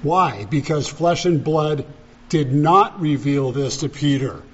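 A man preaching a sermon as pastor, deliberate and emphatic, repeating key phrases. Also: on the high side, lively intonation, slightly rough, dull audio.

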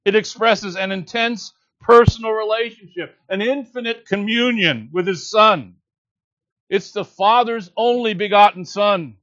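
A man preaching a sermon, earnest and measured, teaching a scripture passage with emphatic quotes. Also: high-pitched, a bit bright, dry recording, muffled recording.

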